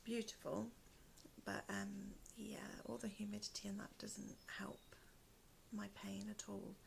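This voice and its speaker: A British woman hosting a crafting podcast from a room at home, speaking softly and often dropping to a whisper, with a hoarse voice from asthma and pain. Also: mid-range voice, level tone, measured pace, a little hiss or hum. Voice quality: hoarse, gravelly voice. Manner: soft-spoken, often trailing into a whisper. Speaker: podcast host. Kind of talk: casual chat to camera. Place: one room at home, indoors.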